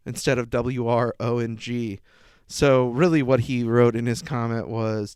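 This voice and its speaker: A man's voice: mid-range voice, steady tone, moderate pace, darkish tone, smooth, no room sound, studio quality. A young man hosting his own podcast, rambling casually through stories, laughing at himself and swearing. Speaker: podcast host. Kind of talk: rambling solo podcast monologue.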